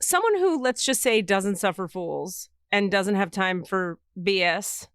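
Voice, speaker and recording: A middle-aged woman hosts a podcast and tells a story with lots of life, jumping into the voices of the people in it. Her voice is mid-pitched and the sound is close and dry, with no room around it. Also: unhurried, smooth, no echo. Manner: animated storyteller, acts out quoted voices. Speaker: podcast host. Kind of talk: casual storytelling chat.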